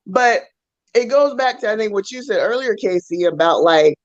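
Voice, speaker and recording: Woman co-host, chatty storyteller, animated, dry lo-fi studio sound. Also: mid-range voice, normal speed, dry recording. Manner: animated storyteller, acts out voices in quotes. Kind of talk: casual storytelling chat.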